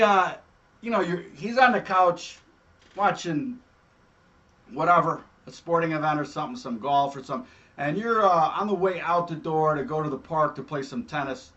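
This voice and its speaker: A man hosting a show, telling stories in a casual, animated way and often adding "all right?". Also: on the high side, lo-fi sound. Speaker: host. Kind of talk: casual storytelling.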